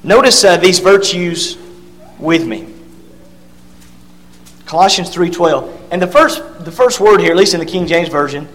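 A man with a notably high voice preaches a sermon in a church hall. His talk is earnest and full of fillers and restarts as he reads scripture aloud, and a long reverb trails each phrase. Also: a bit bright.

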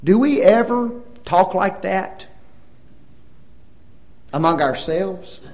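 An older male preacher teaching a Bible lesson in a high, very lively voice. He tells stories and acts out the people in them, then turns to the congregation with questions. The delivery moves between quiet explanation and loud, animated bursts. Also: slow pace, echoey room, low-quality recording. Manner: animated storytelling, acts out dialogue, asks the audience questions. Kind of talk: sermon.

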